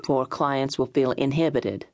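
A man's voice: medium pitch, steady tone, a little slow, darkish tone, close to an everyday voice. A woman narrator voicing a brusque, blunt male private detective who speaks curtly. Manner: curt, abrupt, blunt.

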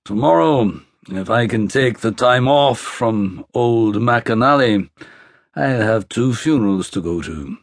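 A man voicing a huge, blunt police detective from Belfast, with a Belfast accent, speaking gruffly and profanely in an audiobook. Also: lowish voice, expressive, takes it slowly, no echo, clean studio sound. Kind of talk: audiobook character voice.

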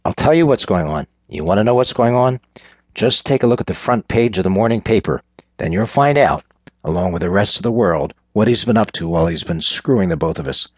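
A man's voice: on the low side, lively intonation, brisk, darkish tone, breathy edge, dry recording. A man voicing a furious wealthy father who blusters and swears at his daughter. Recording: dull lo-fi recording.

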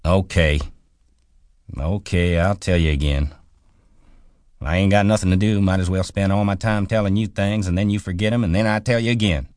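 In an audiobook, a man voices a small, irritable, weary ranch hand who talks gruffly and swears in exasperation. The natural-sounding voice is low-pitched yet pitched above the performer's own, steady and a little mellow at normal speed. The recording is dry and studio quality.

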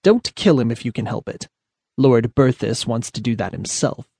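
A gruff, coarse-spoken thug leader barks orders at his gang, as a male narrator puts him on. The voice sits in an ordinary middle register, and the audiobook recording is dry and close. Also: medium pitch, lively intonation, moderate pace, mellow, no echo. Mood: commanding. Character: rough male thug leader hunting a boy.

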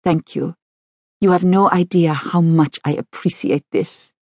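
A gentle elderly woman with an Austrian German accent speaks softly and earnestly, as a woman reads her part in an audiobook. The sound is dry and close, with no room around it. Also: lowish voice, steady tone, unhurried, vocal fry, dry recording.

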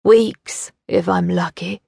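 A woman voicing a dying old man who speaks quietly, slowly and bluntly. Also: fairly low pitch, fairly even intonation, gravelly, husky, dry recording, clean studio sound, exaggerated voice. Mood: weary. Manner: quiet, slow, matter-of-fact.

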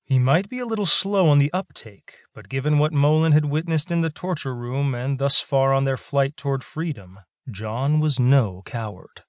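A man narrating a science fiction audiobook in a steady, measured way. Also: mid-range voice, no room sound, clean studio sound. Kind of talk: scripted sci-fi narration.

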